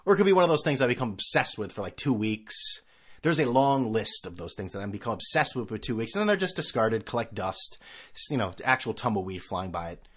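A man's voice: on the low side, very animated, fast talker, fairly bright tone, breathy edge. A middle-aged man hosting his own podcast, rambling casually with sarcastic, self-mocking asides. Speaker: podcast host. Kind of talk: casual solo podcast rant.

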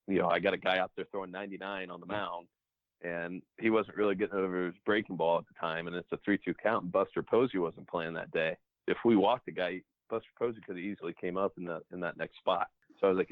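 A man's voice: low voice, quick pace, no echo. A man telling baseball stories in a casual interview, acting out the dialogue. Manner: animated anecdotes, acts out dialogue. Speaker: professional baseball player. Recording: tinny phone-like line.

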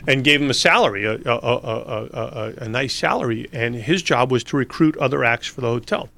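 A man's voice: mid-range voice, brisk, creaky, bright, forceful tone. A man telling long, rambling stories in a casual interview, laughing and restarting as he goes. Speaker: interview guest. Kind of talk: casual storytelling.

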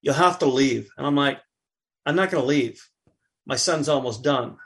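A middle-aged man, a podcast guest, chatting casually and telling an animated anecdote while acting out what others said. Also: medium pitch, moderate pace, gravelly. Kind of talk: casual chat, storytelling.

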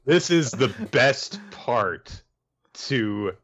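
A man's voice: medium pitch, lively intonation, extremely slow, fairly bright tone, dull audio. A man co-hosting a podcast, adding dry, sarcastic quips in casual chat. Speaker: podcast co-host.

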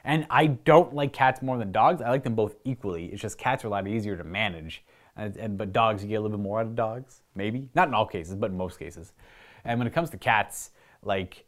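Chatty Canadian man, slightly low voice. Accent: Canadian (Ontario). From Canada, Ontario. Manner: rambling, chatty, with frequent restarts and asides. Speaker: host answering viewer questions. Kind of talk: casual chat to camera.

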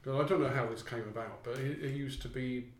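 A man co-hosting a local podcast, wandering from point to point with dry jokes. His voice is of middling pitch, and the room around him adds noticeable echo. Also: steady tone, fairly quick, a little hiss or hum. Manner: chatty, digressive, dry humour. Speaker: podcast co-host. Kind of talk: casual chat. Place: office or shared workspace. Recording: roomy echoey room.

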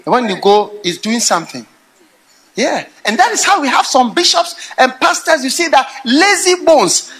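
Man, preacher, sermon, high pitch, bright tone, animated storytelling. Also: normal speed, low-quality recording. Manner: animated, swings from low musing to loud exclaiming; storytelling with acted quotes.

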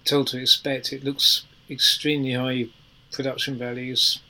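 A man in a casual podcast discussion, sharing views in a measured way with plenty of ums. His tone is bright and forward. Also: mid-range voice, little pitch movement, low-quality recording. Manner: thoughtful, qualifying opinions with fillers. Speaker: podcast panelist.

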